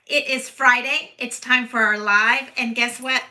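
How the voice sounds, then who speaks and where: A woman's voice: on the high side, steady tone, measured pace, background noise. A middle-aged woman hosting a paper crafting live stream from her home craft room, chatting in a bubbly way and greeting viewers by name. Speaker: paper crafting livestream host. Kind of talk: casual live-stream chat.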